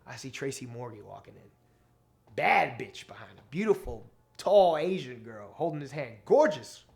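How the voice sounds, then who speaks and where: A male stand-up comedian, telling stories in a casual interview, animated and profane, acting out quotes. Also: mid-range voice, moderate pace, gravelly.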